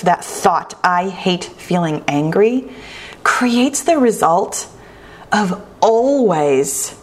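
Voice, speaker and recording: Slow, deliberate woman with a low voice. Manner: earnest, self-reflective, slow and deliberate with lively asides. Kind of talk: reflective solo podcast talk.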